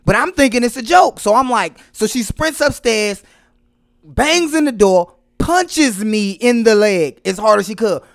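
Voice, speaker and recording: A man's voice: very high voice, expressive, measured pace, creaky, dry recording, clean studio sound. A man co-hosting a casual chat, telling a family story animatedly and teasing his wife. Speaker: podcast co-host.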